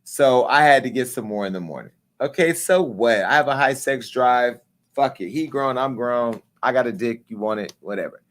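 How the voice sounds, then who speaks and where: A man in his forties hosting a live talk show, telling a story in a casual, profane way and acting out the dialogue with lively jumps in pitch. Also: moderate pace. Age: 40s. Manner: animated, acts out quoted dialogue with pitch jumps.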